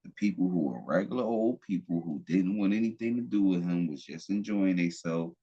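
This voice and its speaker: A man with a very deep, husky voice talks bluntly and profanely in a loose podcast rant. He rambles and restarts his thoughts as he goes. The audio sounds dull and lo-fi. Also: a little fast, warm tone. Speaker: podcast host. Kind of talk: casual opinion talk.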